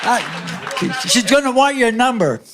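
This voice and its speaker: A very high, animated voice at normal speed belongs to an older man performing as a stand-up guest in a comedy club. Over a noisy background of crowd and music, he rambles through a long, profane story, laughing at himself along the way.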